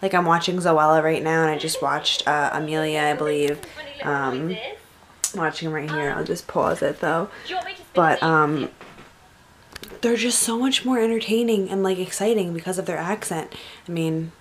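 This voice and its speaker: A young American woman talks to her camera in a loose, rambling way, hopping from one thought to the next. Her voice sits a little low for a woman, and her delivery is relaxed and unpolished, like an easygoing late-night chat from her bedroom. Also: normal speed, a crowd in the background. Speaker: vlogger.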